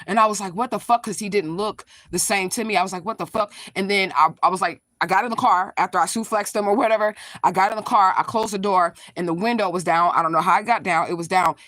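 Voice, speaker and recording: Rapid-fire, profane spiritual vlogger. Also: medium pitch, fairly bright tone, dry recording, studio quality. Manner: blunt, profane, emphatic retelling; talks straight to viewers, reacts to live comments. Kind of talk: casual livestream storytelling.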